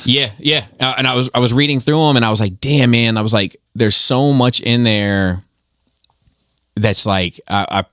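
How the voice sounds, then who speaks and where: A man hosting a podcast in casual chat, halting and restarting as he talks. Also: medium pitch, a bit bright, clean tone, dry recording, clean studio sound. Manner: halting, many restarts and fillers. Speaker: podcast host.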